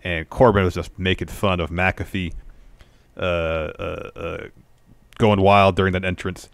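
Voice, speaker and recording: Low-key deep-voiced man recapping. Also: level tone, unhurried, gravelly, smooth, no echo. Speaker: podcast co-host. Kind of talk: casual wrestling recap.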